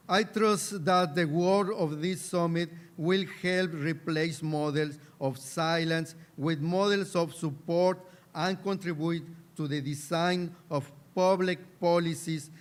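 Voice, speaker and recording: Man reading an embassy speech super slow, kinda higher voice. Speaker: embassy representative giving a speech. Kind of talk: formal prepared speech.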